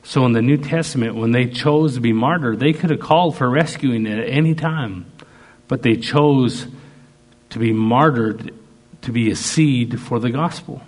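A man preaching a sermon, slow and emphatic, piling up repeated phrases. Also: mid-range voice.

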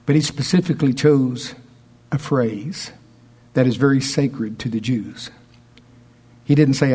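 A man preaching a sermon, teaching scripture in a conversational way and reading verses slowly and deliberately. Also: mid-range voice, warm tone, breathy edge.

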